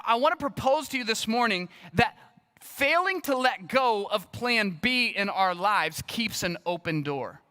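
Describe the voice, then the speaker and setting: Bright-voiced man preaching a sermon. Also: sits high. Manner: earnest, animated preaching with repetitions and acted-out dialogue. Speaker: guest pastor. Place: church sanctuary.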